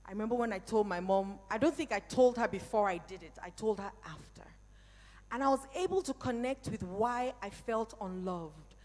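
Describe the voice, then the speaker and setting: A woman's voice: medium pitch, moderate pace, a little mellow. Middle-aged woman giving a fired-up motivational talk, talks right to the crowd, big hall echo. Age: 40s or older. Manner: emphatic, personal, addresses audience directly. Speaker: speaker at a live event. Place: event hall.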